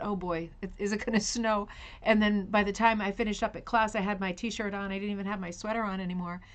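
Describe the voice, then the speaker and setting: A woman hosting a craft live stream, chatting casually and greeting viewers by name with scattered, self-interrupting talk. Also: a little high. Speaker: host of a rug hooking live stream.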